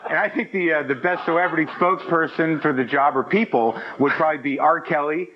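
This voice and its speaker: A male comedian with a slightly high voice argues a joke position with mock earnestness, like a serious pitch. The broadcast audio is muffled and carries a clear hiss. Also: fairly quick. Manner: mock-earnest argumentative delivery. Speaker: comedian panelist. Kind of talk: stand-up style comic bit.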